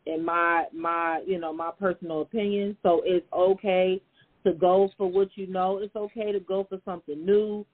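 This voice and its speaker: A woman's voice: fairly low pitch, steady tone, moderate pace, husky, no room sound. A woman co-hosting a casual podcast, talking straight to her listeners with slang and pet names. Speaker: podcast co-host. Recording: tinny phone-like sound.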